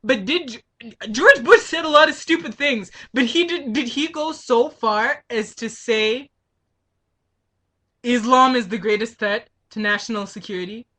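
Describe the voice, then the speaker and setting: A woman's voice: on the high side, a little slow, sharp tone. A woman venting to camera in a political rant, heated and frustrated, firing off rhetorical questions. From Canada. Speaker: vlogger.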